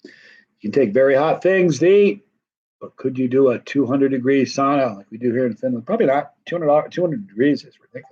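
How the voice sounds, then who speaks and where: A man's voice: medium pitch, animated, a little fast, husky, muffled recording. A middle-aged man chatting casually on a live stream, rambling and self-deprecating, worn out and wired at once. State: tired and wired. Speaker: vlogger answering live chat.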